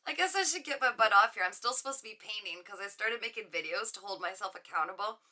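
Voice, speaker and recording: A middle-aged woman hosting a casual livestream from her home office, chatting on and gushing at her viewers with frequent laughs. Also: medium pitch. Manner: effusive, gushing and warm toward viewers. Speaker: livestream host and psychic reader. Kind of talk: casual livestream chat reading viewer comments.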